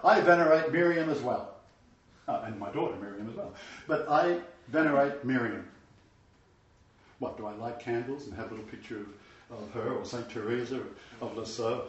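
A man's voice: medium pitch, measured pace, long pauses. A man teaching a Bible study, moving between earnest scripture reading and loose, emphatic commentary. He sits some way from the mic, so the room rings around him. The sound is muffled and dull. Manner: emphatic, conversational asides. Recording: roomy, distant, dull sound.

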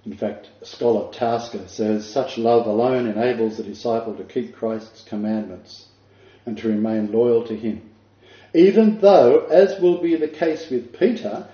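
An older man preaches in an earnest, emphatic way, with asides to his listeners. His voice is mellow and dark. The recording is dull and echoey, as if taken in a hall. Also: medium pitch, expressive, a little slow. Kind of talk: sermon.

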